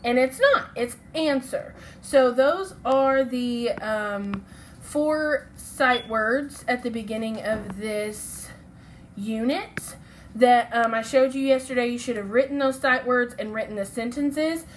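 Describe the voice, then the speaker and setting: A woman's voice: on the high side, takes it slowly, a little hiss or hum. A woman teacher giving a recorded phonics lesson to children, speaking patiently and sounding out letters and syllables.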